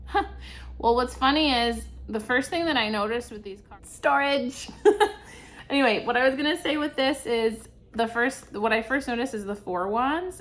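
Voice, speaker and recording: Casual tarot reader, young woman, a bit high-pitched, warm and chatty. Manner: chatty, laughs often, warm reassurance. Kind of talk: casual intuitive tarot reading.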